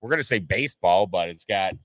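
Male co-host, lively swinging pitch, rants with jokes, dry sound. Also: fairly quick, no room sound. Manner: animated, ranting and joking. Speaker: podcast co-host. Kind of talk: casual sports chat.

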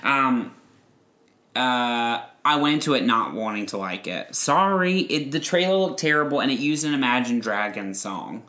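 Man, podcast host, chatty movie review, sharp bright tone, roomy echo. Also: mid-range voice, moderate pace. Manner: chatty, gossipy, animated storytelling. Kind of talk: casual chat, movie review. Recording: echoey room.

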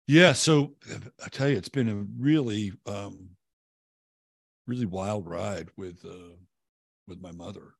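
A man hosts a casual livestream in a lowish voice, rambling through viewer comments with loose fillers and restarts. He swears offhandedly and drifts between topics. The sound is dry and close, with no room around it. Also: slow pace, vocal fry, long pauses, husky, no echo. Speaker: livestream host. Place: home, living in Texas.

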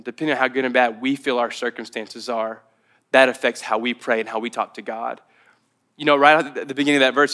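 A young man preaching a sermon as pastor, telling a personal story in an animated, conversational way. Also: medium pitch. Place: church.

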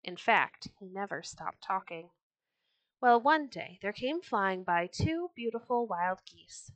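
A woman reading old children's stories aloud for a podcast, gentle and expressive. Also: mid-range voice, slow pace, no room sound, low-quality recording. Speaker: storyteller. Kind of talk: storybook read-aloud podcast.

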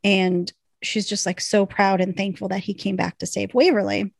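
A woman in her thirties, a podcast co-host, recapping a TV episode in casual, animated chat. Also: mid-range voice, moderate pace, creaky, no room sound, studio quality. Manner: animated storytelling, acts out quotes with laughs.

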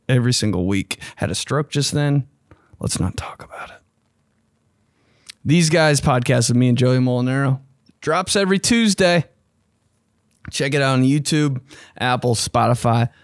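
Young guy hosting a solo podcast. Casual and crude, with big swings in pitch. Dry, close sound. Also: no room sound. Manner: loose, profane and animated, with sudden jumps in pitch. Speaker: podcast host.

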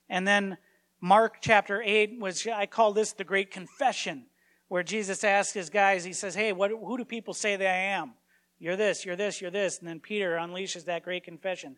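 A man's voice: high voice, fairly bright tone. A man in his forties giving a conversational sermon as a pastor, informal and story-driven, with frequent fillers and restarts.

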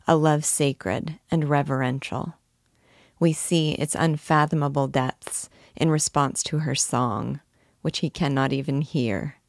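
Middle-aged woman, literary commentary, measured reverent reading, slow, low voice. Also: creaky, a little mellow, dry recording, studio quality. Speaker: book discussion guide.

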